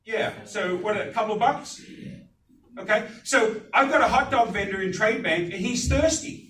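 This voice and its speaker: Animated high-voiced man pitching in an echoey room. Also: normal speed, a little hiss or hum. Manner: animated, asks the audience questions. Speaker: presenter at a business networking meeting. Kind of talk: live sales presentation. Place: meeting room. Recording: echoey room, distant mic.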